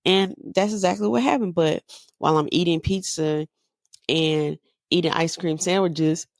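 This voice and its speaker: Woman, candid podcast talk, gravelly voice, dry close sound. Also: fairly low pitch, normal speed, no room sound. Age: 30s. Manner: candid, conversational, lots of fillers. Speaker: podcast host. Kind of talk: personal monologue.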